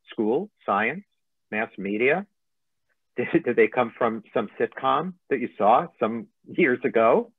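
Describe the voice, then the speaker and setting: A man's voice: medium pitch, no room sound. A man, a motivational coach, giving a webinar presentation over a video call. He talks conversationally and tells humorous anecdotes. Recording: thin phone-like line, dry.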